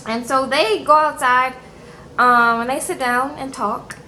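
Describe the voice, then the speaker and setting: A woman's voice: high-pitched, fairly even intonation, measured pace, sharp tone, slight background noise. A young woman chatting casually to her viewers as she recaps a TV episode, often checking in with "okay?". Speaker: TV show reviewer. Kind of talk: casual chat.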